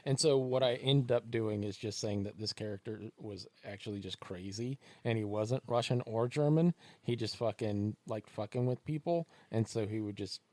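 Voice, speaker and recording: A man's voice: on the low side, moderate pace, few pauses, darkish tone, dry recording. A man co-hosting a podcast in casual chat, laid-back and mostly answering with short agreements. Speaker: podcast co-host.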